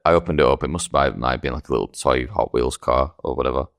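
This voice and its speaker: A man co-hosting a podcast, an animated storyteller who swears a lot. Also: a bass voice, fast talker, vocal fry, no echo. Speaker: podcast co-host. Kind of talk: casual chat.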